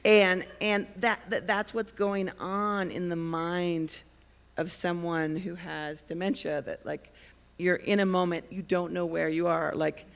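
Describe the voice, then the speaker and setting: A woman filmmaker speaking on a festival panel, telling stories in an animated way and laughing as she talks. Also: lowish voice, unhurried, creaky, clear, resonant tone. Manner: animated storyteller, laughs while talking. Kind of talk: panel discussion.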